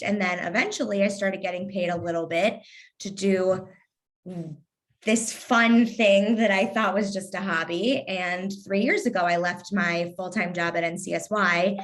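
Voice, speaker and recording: Woman, thirties, light Kentucky twang, sarcastic, witty, casual interview guest. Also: medium pitch. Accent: light Southern (Kentucky). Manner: sarcastic, witty, laughs easily. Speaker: guest, lifestyle influencer.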